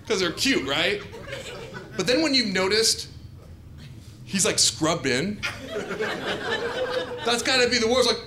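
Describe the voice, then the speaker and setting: A man in his forties doing an animated stand-up comedy set on a club stage, telling stories and jumping into shouted asides, with audience laughter in the recording. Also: high-pitched, measured pace, pauses often, very noisy.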